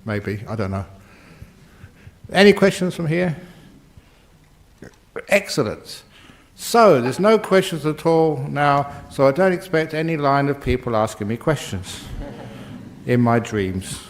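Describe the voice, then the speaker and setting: A man, a Buddhist monk, giving a dharma talk and answering written questions in a playful, expressive way with dramatic pauses. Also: mid-range voice.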